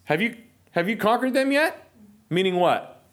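A man leads a Bible study in a relaxed, chatty manner, slipping in jokes and frequent check-ins. His voice sits a little high for a man and swings up and down with lively energy. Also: moderate pace. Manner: lively, jokey, checks in with "okay?". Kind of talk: casual teaching.

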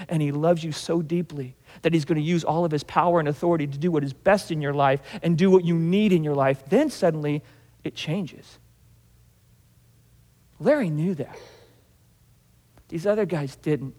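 Pastor, male, high voice, casual sermon with acted-out dialogue, reverberant hall. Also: animated, moderate pace, darkish tone. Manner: conversational, acts out Bible scenes in dialogue.

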